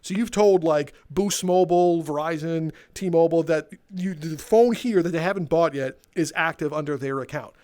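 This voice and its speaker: A man's voice: a little high, moderate pace, hardly any pauses, a little mellow. A young man telling a sarcastic, exasperated, swear-filled comedic rant as he walks around. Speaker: comedic storyteller. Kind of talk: profane comedic rant, walking tour.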